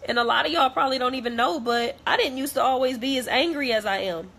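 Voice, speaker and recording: A woman's voice: sits high, fast, vocal fry, a bit bright. A young woman talking straight to camera, blunt and heated, repeating herself as she vents. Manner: blunt, repetitive, heated, profane. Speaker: vlogger. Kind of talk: direct-to-camera rant.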